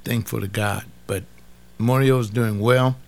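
An older man delivers an informal sermon in a somewhat low voice. He talks in a loose, conversational way and hammers points home by repeating short phrases. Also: steady tone, measured pace, creaky, background noise. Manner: repetitive, emphatic, conversational preaching. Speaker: pastor.

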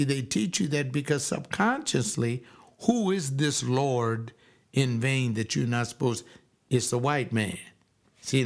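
A man, middle-aged or older, giving impassioned commentary as he reads and reacts to a historical text, emphatic and repetitive with loud rising outbursts. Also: medium pitch, vocal fry.

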